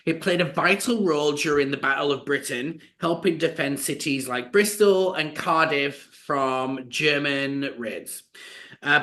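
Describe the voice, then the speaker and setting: A man co-hosting a podcast, telling a story in a chatty, animated way with lots of fillers. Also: a little high. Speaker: podcast co-host. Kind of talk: casual storytelling chat.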